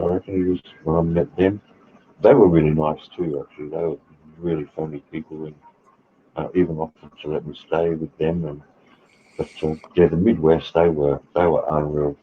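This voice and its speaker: Man, very deep voice, rambling casual chat, muffled mic. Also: a little hiss or hum. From Australia. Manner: rambling, hesitant with fillers.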